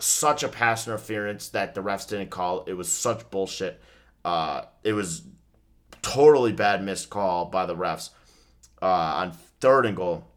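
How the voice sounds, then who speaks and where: A man talking casually about football as he watches a game, ranting and swearing and swinging between excitement and flat disappointment. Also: on the low side. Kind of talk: casual sports chat.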